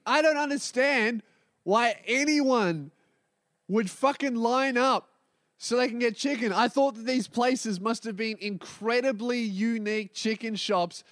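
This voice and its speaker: A man with an Australian accent, hosting a podcast and ranting profanely about everyday annoyances, mimicking other people in quick asides. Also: extremely high pitch, fairly bright tone, dry recording, clean studio sound. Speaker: podcast host. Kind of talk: profane comedic rant.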